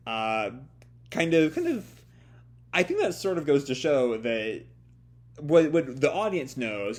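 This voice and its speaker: A man reacting live to a comic chapter in a loose, hesitant way, often stopping to restart his sentences. His pitch sits in the middle range for a man. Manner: hesitant, many fillers and restarts. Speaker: manga reviewer. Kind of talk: casual live reading commentary.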